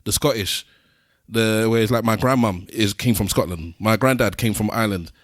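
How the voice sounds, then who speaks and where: A man's voice: lowish voice, moderate pace, no room sound, studio quality. A man co-hosting a podcast, musing in easygoing casual chat. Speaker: podcast co-host.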